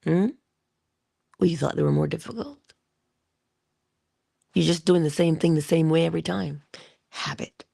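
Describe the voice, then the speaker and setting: Very gravelly husky-voiced woman speaker. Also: low-pitched, steady tone, no room sound, studio quality. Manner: deliberate, drops to whispers for emphasis; addresses listeners directly and warmly. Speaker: motivational speaker. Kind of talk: inspirational monologue.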